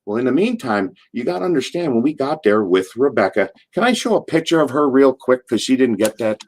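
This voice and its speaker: A man's voice: medium pitch, sing-song, fairly quick, darkish tone. An older man, a former wrestler, telling a rambling story in an interview and acting out the people in it. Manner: rambling, acts out quotes in voices. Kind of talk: animated storytelling.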